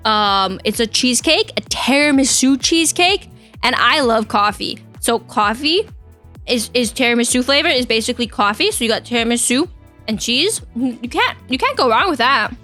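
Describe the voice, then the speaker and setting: A woman's voice: on the high side, lively intonation, moderate pace, bright, forceful tone, soft background music. A young woman streaming live, chatting casually and giggling as she talks to her chat. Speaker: vtuber streamer.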